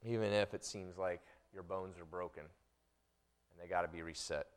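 A middle-aged pastor delivers a sermon in a lowish voice. He rises to loud, fervent passages and drops to hushed, intimate ones. The talk is plain and direct, with casual asides to his listeners. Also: steady tone, moderate pace, clear, resonant tone. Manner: swings between loud impassioned preaching and quiet intimate tones.

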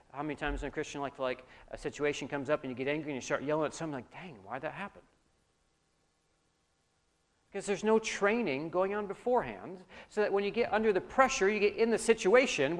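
Animated man preaching a sermon. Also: on the high side. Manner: animated, swings between loud emphasis and quiet asides. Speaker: pastor.

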